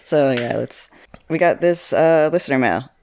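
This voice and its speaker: A man's voice: on the high side, normal speed, creaky, darkish tone, clear, resonant tone. A man co-hosting a podcast in casual chat, talking easily and laughing often between remarks. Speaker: podcast co-host.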